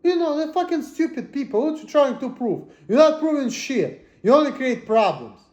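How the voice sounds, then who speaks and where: A man ranting to the camera in a profane, agitated way, swinging between muttering and shouting. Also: very high voice, sing-song, normal speed, reverberant, dull audio. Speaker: vlogger. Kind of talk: angry personal rant.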